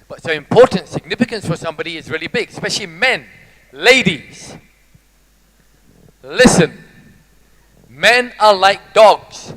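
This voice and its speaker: A man giving a lively, jokey motivational talk to a live audience. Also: sits high, measured pace, long pauses, poor audio. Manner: animated, jokey, teases the audience. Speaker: motivational speaker.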